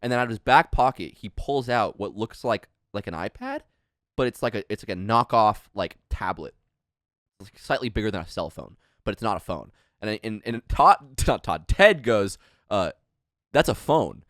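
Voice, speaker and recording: A man hosting a podcast, telling a story in a casual, animated way, with swearing, as he acts out what people said. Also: lowish voice, normal speed, no echo, studio quality. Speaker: podcast host.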